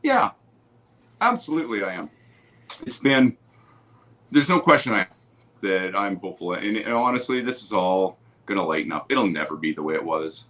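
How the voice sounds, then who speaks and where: A man guest on a video call from home, telling animated stories and laughing often. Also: lowish voice, normal speed, pauses often. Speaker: guest, photographer. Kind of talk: casual storytelling on a video call.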